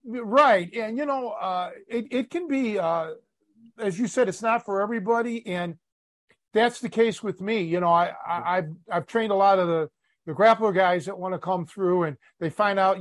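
A man from Chicago hosting a podcast, teasing and swearing casually in relaxed chat. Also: sits high, normal speed. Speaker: podcast host.

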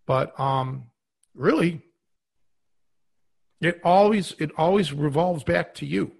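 A man's voice: a little high, takes it slowly, gravelly, darkish tone, husky. A man co-hosting a podcast, talking casually with many fillers and giving earnest advice. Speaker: podcast co-host.

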